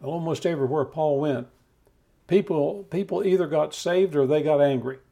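A man preaching a steady, measured Bible teaching, talking the listener through scripture. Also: a little high, gravelly. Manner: calm measured teaching with occasional restarts.

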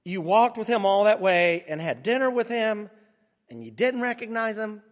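A man's voice: high voice, expressive, moderate pace, big-room sound. A man playing a skeptical adult male disciple, dismissive and questioning as he brushes off reports.

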